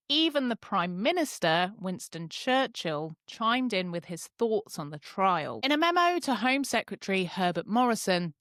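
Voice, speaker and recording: British woman, podcast co-host, animated pitch, dry close-mic sound. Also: dry recording. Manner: narrates a case, laughing often between lines. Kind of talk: casual storytelling podcast.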